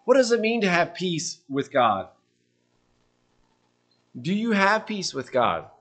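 A man preaching a sermon, earnest and questioning, letting his voice drop softly at the ends of phrases. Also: high voice, very animated, slow pace.

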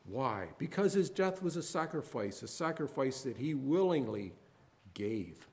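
A man preaching a sermon, moving between quiet reflection and loud impassioned emphasis, reading scripture aloud. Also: medium pitch, lively intonation, measured pace, creaky. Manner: reads scripture aloud in King James wording.

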